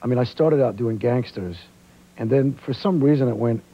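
A man's voice: mid-range voice, moderate pace, husky. A man from Australia who speaks with a New York accent, telling stories as an actor guest on a talk show. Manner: relaxed storytelling, animated. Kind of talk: casual talk show chat. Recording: dull lo-fi 1990s TV tape.

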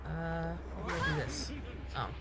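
A woman's voice: sits low, normal speed. A woman giving playful, chatty and mildly profane commentary while playing a video game. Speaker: gameplay commentator. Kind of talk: let's play commentary. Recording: game music behind the voice.

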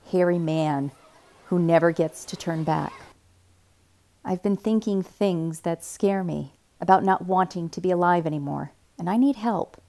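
Female reader with a slightly low voice; calm, hushed read-aloud of a teen novel. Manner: quiet, measured first-person narration.

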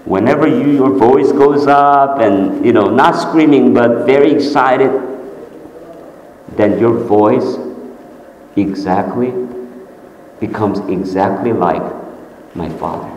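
A male pastor telling a story in a sermon, his voice climbing when excited and sinking soft and low. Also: slow pace, pauses often, a little hiss or hum. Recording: echoey church hall.

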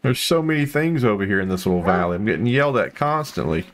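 A man giving casual, rambling commentary while playing a hunting video game, full of fillers and sudden excited outbursts. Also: lowish voice, fast talker. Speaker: gameplay commentator.

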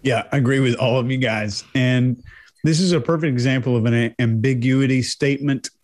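A man's voice: mid-range voice, a little fast, a little mellow. A man in a casual panel discussion, explaining his point with simple examples. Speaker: body language analyst.

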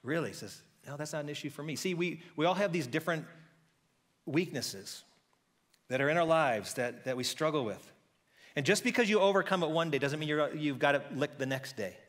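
A man preaching a sermon as pastor, telling a story in a lively conversational way and acting out the characters' voices. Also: on the high side, normal speed, long reverb tail. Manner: conversational with frequent restarts.

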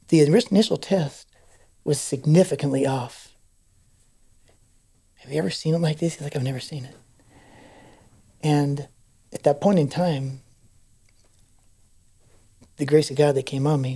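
A middle-aged man tells a personal story as a podcast guest. His voice is husky and mellow, and he acts out the people he quotes with animated changes of voice. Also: on the high side. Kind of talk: storytelling testimony.

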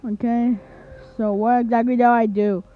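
A woman's voice: on the high side, flat delivery, moderate pace, soft background music, lightly acted. A woman voicing a dim-witted male goblin villain pretending to be a hero, whiny and stammering, for a fan animation. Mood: hesitant. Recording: tinny lo-fi home recording.

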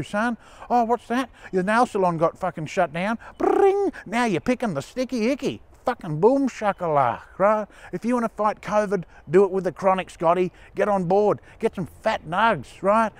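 A man doing a brash, foul-mouthed Australian tough guy who talks in a blokey drawl. The voice sits fairly high for a man and rants straight to the listener in a comedy sketch. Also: no room sound. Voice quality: heavy swearing, blokey drawl. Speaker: comedy character. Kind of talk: scripted comedy monologue.

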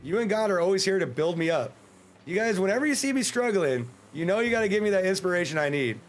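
An American man streaming a game, chatting casually in a joking, rambling way and breaking into sudden excited yelps. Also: sits high, fast. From United States. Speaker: livestreamer. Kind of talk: casual gameplay livestream commentary.

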